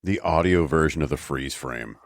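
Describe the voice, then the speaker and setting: Very deep-voiced laid-back podcast guy. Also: normal speed, no echo, clean studio sound. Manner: laid-back, chiming in with short agreements. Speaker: podcast co-host. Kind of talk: casual recap chat.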